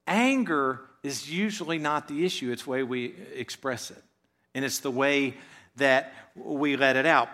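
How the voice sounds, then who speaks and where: A man with a slightly high voice delivers a sermon to his church. He talks plainly and conversationally, tossing in rhetorical questions and dropping to a quiet tone at the ends of his phrases. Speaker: pastor.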